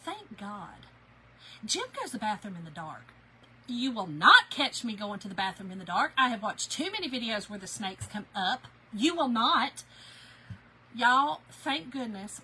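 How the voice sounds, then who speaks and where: A woman with a drawl chats with her livestream audience in an animated, storytelling way. Her voice is bright and sits a little high. Faint room noise hums in the background. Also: moderate pace, low-quality recording. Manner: chatty, animated storyteller, laughs often. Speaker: craft channel host. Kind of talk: casual livestream chat with viewers. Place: home.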